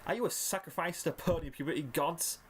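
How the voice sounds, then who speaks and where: A man's voice: on the high side, a little fast, slight background noise. A man narrating a second-person fanfiction story in a mock-dramatic way. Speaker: fanfiction reader.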